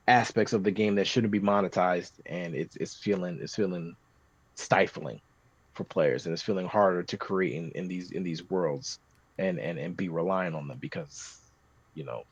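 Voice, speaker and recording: A man chatting casually on a podcast, rambling with many restarts and getting animated when describing scenes. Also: low voice, no room sound. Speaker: podcast guest talking tabletop games. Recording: dry, slightly muffled podcast recording.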